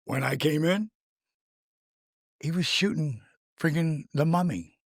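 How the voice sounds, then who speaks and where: Gravelly, husky man telling stories with energy. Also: on the high side, takes it slowly, no echo, clean studio sound. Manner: energetic storyteller who acts out the voices of others. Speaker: podcast guest. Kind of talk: animated storytelling in casual conversation.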